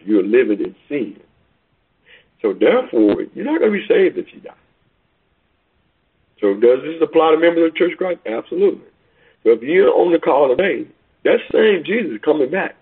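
A man preaching a sermon over a call, emphatic, swinging between loud peaks and quiet asides. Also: mid-range voice, slightly rough. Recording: tinny phone line.

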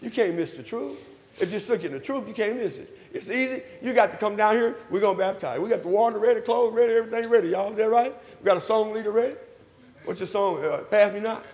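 A man preaching, his voice pitched very high for a man and ringing with the long echo of a church hall. He calls out to the congregation, repeats his lines and climbs to loud emphatic peaks. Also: fast. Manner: call-and-response, repeats phrases, rises to loud emphatic peaks. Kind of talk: sermon with invitation call.

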